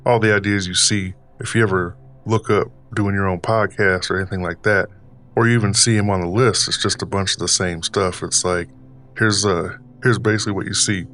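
Male podcast host, deep low register, put-on older Southern drawl, loose rambling storyteller. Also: steady tone, a bit bright. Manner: deliberately puts on an older man's voice; rambling, filler-heavy, unhurried delivery. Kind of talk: casual storytelling monologue.

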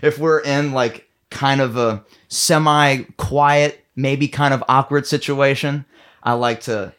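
A young man in casual chat, telling a story loudly and breaking into shouts and laughter. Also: medium pitch, fairly even intonation, slow. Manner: loud, bursts into shouts and laughter. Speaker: guest band member.

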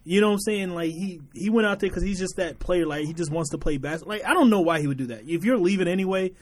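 A man with a high voice who talks quickly in a casual sports conversation. He is emphatic and insistent, and he repeats his point to drive it home.

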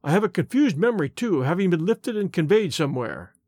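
A man's voice: sits high, sing-song, fast talker, a little mellow, dry recording, clean studio sound, exaggerated voice. A man reading the part of a shaken young engineer, earnest and plain-spoken. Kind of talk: audiobook character reading.

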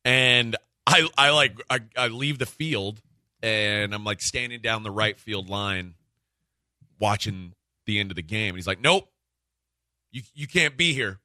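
A man hosting a sports radio show, telling a story in casual chat, animated and acting out the quotes with frequent laughs. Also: lowish voice, measured pace, no room sound, clean studio sound. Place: radio studio.

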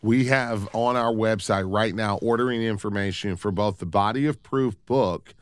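Smooth, low-voiced male radio host. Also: normal speed, no echo. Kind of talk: Christian radio talk.

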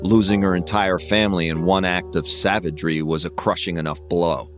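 A man narrating a true crime story in a measured, somber scripted read. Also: low-pitched, steady tone, soft background music.

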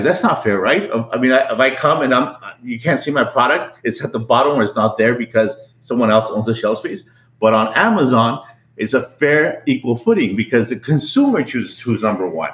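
A middle-aged man tells his business story in an eager, conversational way, stumbling over and repeating his words as he builds up the tale. His voice sits at an ordinary middle pitch. The recording has a roomy echo around it. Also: moderate pace. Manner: animated, repeats words, acts out quotes in a higher voice. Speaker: business owner telling his story as podcast guest. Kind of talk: casual storytelling.

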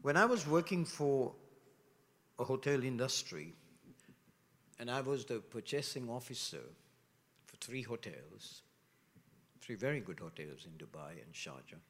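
A middle-aged man preaching a sermon as pastor, with animated rhetorical questions, dropping to hushed asides and rising loud again. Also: mid-range voice, measured pace, pauses often. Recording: long reverb of a large hall.

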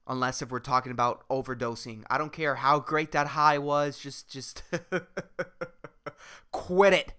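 A man rants through a solo comedy podcast in a bright, cutting voice that sits a little high for a man. His speech is smooth and crisp, loose and rambling, and packed with swearing and jokes. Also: very animated, measured pace. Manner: rambling, profane, jokey. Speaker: podcast host.

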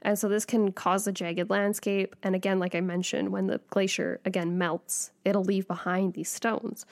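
A woman co-hosting a podcast who explains things in a lively, teacherly way during casual chat. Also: medium pitch, moderate pace, hardly any pauses. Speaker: podcast co-host.

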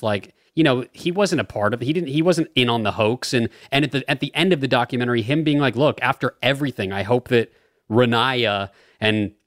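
A man's voice: mid-range voice, fairly bright tone, no echo. Man chatting casually, dry sound. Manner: agreeable, conversational, profane. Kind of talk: casual chat.

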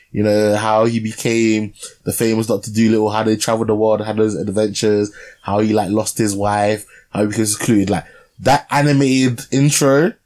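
A man's voice: lowish voice, darkish tone. A young man co-hosting a podcast, chatting casually about a film with lots of fillers and tag questions. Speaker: podcast co-host. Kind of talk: casual film review chat.

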